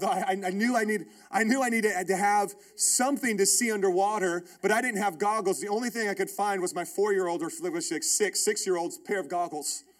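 High-voiced man preaching a story sermon. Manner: animated, emphatic storytelling with repeated phrases. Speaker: pastor.

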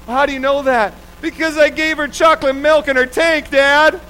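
A man's voice: extremely high pitch, fairly even intonation, normal speed, bright, forceful tone, pitched above the performer's own voice, rough recording. A man voicing his stubborn three-year-old daughter, pleading insistently and ending lines with "Dad". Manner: insistent, pleading, says "Dad" at each line's end.

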